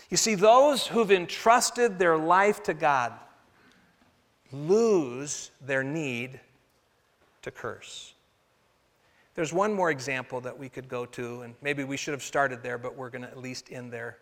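A man preaching a sermon as pastor, earnest, swinging from loud emphasis to soft, slow phrases. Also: medium pitch, long reverb tail.

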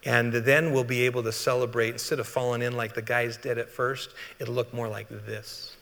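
A man's voice: mid-range voice, little pitch movement, normal speed, bright, forceful tone, in a large hall. A man preaching a sermon as pastor, conversational and often asking the congregation questions.

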